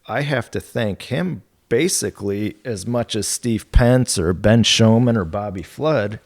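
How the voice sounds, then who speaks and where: A man speaking as a podcast guest, telling stories in a relaxed, candid way. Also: on the low side, creaky. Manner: relaxed and candid, with mild swearing and laughs. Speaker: guest, golf equipment territory manager. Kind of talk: casual storytelling.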